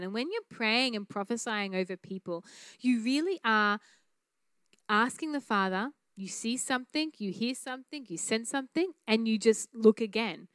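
A woman teaching a church class on prophetic prayer, speaking in an earnest, conversational way with frequent fillers and quick laughs. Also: on the high side, a bit bright, smooth, no echo.

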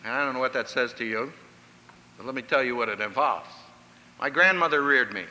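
A man's voice: medium pitch, a little fast, sharp tone, long reverb tail, poor audio. A man from Pennsylvania giving an emphatic, story-filled talk on family life, acting out the voices he quotes. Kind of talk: sermon-style lecture with stories.

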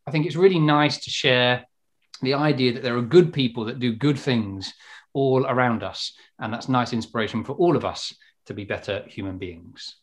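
A man's voice: medium pitch, normal speed. Male podcast host, casual chat, giggly rambling delivery. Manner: giggly, rambling, warm-humoured.

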